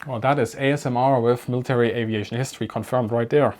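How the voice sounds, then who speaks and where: Male channel host, wry and matter-of-fact, medium pitch. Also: fast talker, hardly any pauses. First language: German. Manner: dry, wry and matter-of-fact, with quiet deadpan comebacks. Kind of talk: reading and answering viewer comments.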